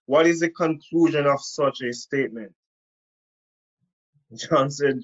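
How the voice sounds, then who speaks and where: A man teaching from the Bible to a camera in a room, slow and emphatic, repeating key phrases for weight. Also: fairly high pitch, lo-fi sound. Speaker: preacher. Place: indoor room.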